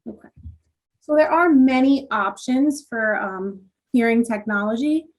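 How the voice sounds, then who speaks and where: A woman with a slightly high voice walks listeners through hearing care. Her tone is plain and explanatory, and ums and you knows run through it. She is speaking into a computer mic on a video call. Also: a little slow. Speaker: audiologist presenter. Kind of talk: virtual presentation talk.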